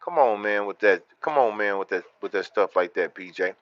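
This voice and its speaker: A man's voice: on the low side, dry recording. Boastful man livestreaming, muffled sound. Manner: loud, boastful street slang, repeats words in rapid runs. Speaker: livestream host. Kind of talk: casual livestream chat, reading the chat.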